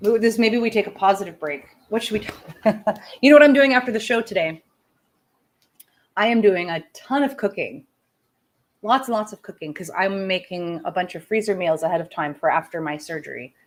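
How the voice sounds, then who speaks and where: A woman's voice: mid-range voice, a little fast. Profane, fired-up woman radio host. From outside the United States. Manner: swearing, fired-up ranting. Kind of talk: casual talk-radio monologue. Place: home studio, smoking while on air.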